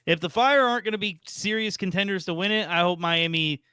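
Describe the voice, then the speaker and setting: A man's voice: high-pitched, fairly quick, pushed and bright, clean tone, no echo, clean studio sound. A man hosting a casual soccer podcast, laid-back and joking. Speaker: podcast host.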